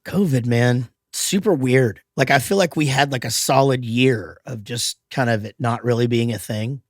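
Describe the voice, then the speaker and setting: A man's voice: medium pitch, moderate pace, dry recording, studio quality. Rambling man in casual chat. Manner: rambling, many restarts, swears freely. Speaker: podcast host.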